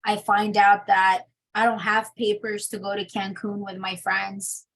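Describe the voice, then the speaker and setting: A woman's voice: medium pitch, little pitch movement, unhurried, a bit bright, poor audio. Woman telling her testimony, chatty. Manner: candid storytelling with many fillers. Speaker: interview guest. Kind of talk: personal testimony.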